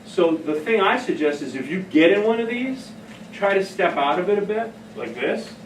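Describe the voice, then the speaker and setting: Man, workshop trainer, fairly high voice, casual and anecdotal, echoey room, heard from across the space. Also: very animated, normal speed, distant mic, slight background noise. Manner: casual, anecdotal, laughs at own stories. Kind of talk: workshop talk.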